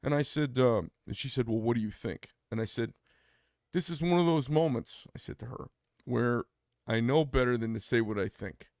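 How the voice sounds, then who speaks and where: Gravelly man, mid pitch, blunt podcast storyteller, dry close mic. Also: moderate pace, a little mellow, no room sound. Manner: blunt, opinionated, acts out quoted dialogue. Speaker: podcast co-host. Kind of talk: casual storytelling chat.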